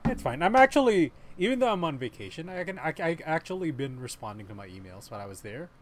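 A man's voice: a little high, sing-song, fast. A young man, co-hosting a casual podcast chat, laughing often and repeating himself. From Philippines. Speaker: podcast co-host.

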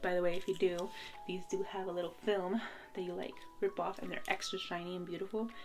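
A woman's voice: fairly low pitch, a little fast, faint music behind. Giggly young woman gushing over an unboxing. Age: young adult. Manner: bubbly and giggly, gushing with excitement. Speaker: vlogger. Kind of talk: casual unboxing vlog.

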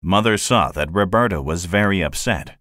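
A man narrating a classic children's story in a measured, expressive way. His voice is very low, yet it moves a lot in pitch. It is recorded dry and close. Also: dry recording. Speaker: audiobook narrator. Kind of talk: scripted narration.

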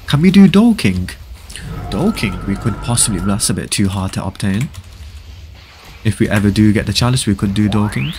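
A laid-back man hosting a live game stream, his voice sitting at an ordinary middle pitch. He reads viewers' chat out and answers it, often sliding into low mumbles. A faint background hiss stays under his voice. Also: darkish tone. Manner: repeats short stock praise. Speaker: livestream host. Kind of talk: casual live gaming chat.

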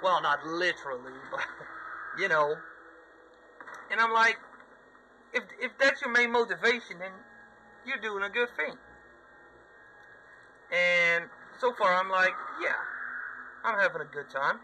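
A man's voice: high voice, lively intonation, a little slow, pauses often, sharp tone, a little hiss or hum, low-quality recording. A man commentating his gameplay in a sweary, sarcastic running rant at the game. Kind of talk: let's play commentary.

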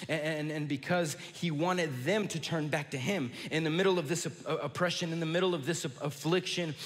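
A man with a Southern American accent preaching a sermon as pastor, often repeating words as he restarts his sentences. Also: on the high side. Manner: repeats words and restarts, warm church greetings. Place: large church sanctuary. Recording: long hall reverb.

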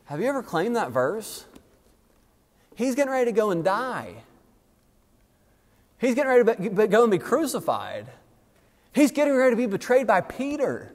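A man's voice: high-pitched, big pitch swings, moderate pace, long pauses. A man preaching a sermon as pastor, emphatic and folksy, his delivery rising and falling. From United States. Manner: emphatic preaching that rises and falls, with folksy asides. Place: church sanctuary. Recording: long hall reverb.

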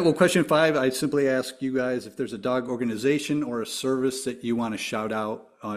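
A man hosting a podcast, asking his guests questions in a casual, easygoing way. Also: mid-range voice. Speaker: podcast host. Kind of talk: interview questions, casual chat.

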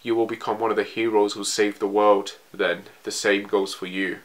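A man reading the lines of a grave older male naval commander in a quiet, measured voice. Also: fairly low pitch, flat delivery, close to an everyday voice, poor audio.

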